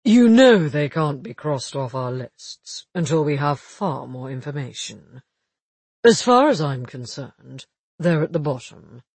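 A man reading as a wry, husky police detective. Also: on the high side, very animated, a little mellow, no echo, exaggerated voice. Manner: measured, wry, matter-of-fact. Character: shrewd, dry-humoured male police detective. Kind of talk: audiobook dialogue reading.

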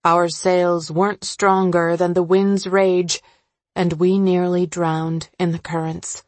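A woman narrating a story in a measured, solemn scripted reading. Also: on the low side, flat delivery, no echo.

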